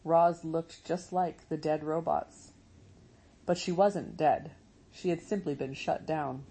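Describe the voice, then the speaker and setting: A woman reading a storybook aloud as narrator, in a measured, steady way. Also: sits low, breathy edge, poor audio. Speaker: audiobook narrator.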